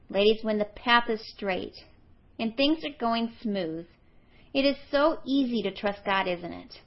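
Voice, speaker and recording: A middle-aged woman teaching a women's Bible study, earnest and slowing down to stress her key questions. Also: medium pitch, muffled recording.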